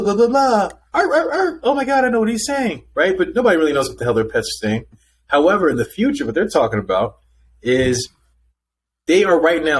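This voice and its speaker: A man co-hosting a podcast in casual chat, telling stories and jumping into high, excited voices when he quotes people. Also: slight background noise, rough recording. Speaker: podcast co-host.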